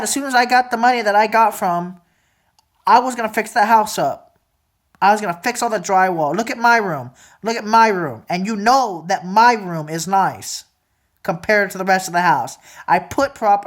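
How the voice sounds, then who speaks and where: A woman in her twenties venting angrily to camera in a profane, repetitive rant that sometimes drops to a low mutter. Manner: angry, profane ranting; repeats phrases, drops to a low mutter at times. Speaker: vlogger. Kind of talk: emotional venting monologue.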